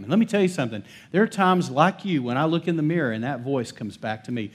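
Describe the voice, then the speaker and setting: A man preaching a sermon as pastor. He calls for responses from the congregation, and his delivery swings between loud declarations and soft, hushed lines. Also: fairly high pitch, lively intonation, fast talker, few pauses, breathy edge. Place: church service.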